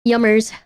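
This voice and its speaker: A woman's voice: fairly high pitch, creaky, a little mellow. A young woman streaming casually to her chat, talking through photos in a playful, self-interrupting way and swearing freely. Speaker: VTuber streamer.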